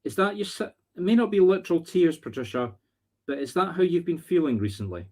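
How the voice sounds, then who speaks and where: A Scottish man working as a medium on a live stream, talking earnestly and haltingly, often searching for words. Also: on the high side, expressive, a little mellow. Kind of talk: live-streamed spirit readings.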